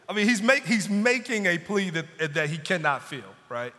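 Pastor guy preaching, tense bright voice, echoey church hall. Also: high voice, sing-song, normal speed. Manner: preaching with rising intensity and pleading asides. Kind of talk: sermon. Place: church sanctuary. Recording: long church reverb.

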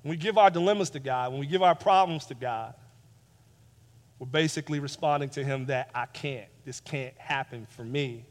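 A male pastor preaching a sermon, repeating phrases emphatically and swinging between hushed and loud passages, on a clip-on mic. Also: medium pitch, moderate pace. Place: church sanctuary. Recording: long reverb of a church hall.

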